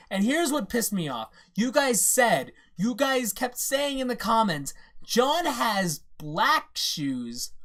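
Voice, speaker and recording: A reaction-video host in casual commentary who reads comic dialogue aloud, rants excitedly and swears freely. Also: medium pitch.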